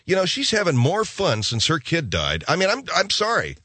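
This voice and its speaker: A man hosting a talk radio show, rambling and sarcastic in a gruff, offhand way, on a studio microphone. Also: a little high, huge pitch swings, normal speed, sharp tone, no room sound.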